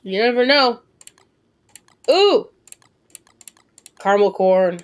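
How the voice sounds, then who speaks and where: This streamer, a woman in her twenties, offers live commentary as she plays, talking through her thoughts with casual cursing and sudden squeals of excitement. Her mid-range voice moves at a measured pace.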